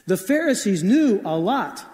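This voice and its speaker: A man's voice: sits high, sing-song, a little slow, a little mellow, big-room sound. A man preaching a sermon as pastor, telling stories in a conversational way with frequent shifts of pace.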